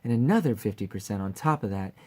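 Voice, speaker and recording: A woman voicing a calm, soft-spoken alien squid-girl bounty hunter with a cool, professional delivery, reading audition lines. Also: extremely low pitch, fast. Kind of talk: voice acting audition read.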